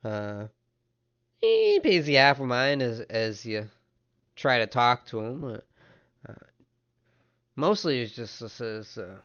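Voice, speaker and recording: Halting bright-voiced game master, a man. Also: mid-range voice, wildly swooping pitch, highs cut off. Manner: halting, many fillers and restarts. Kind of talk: narrating a tabletop game.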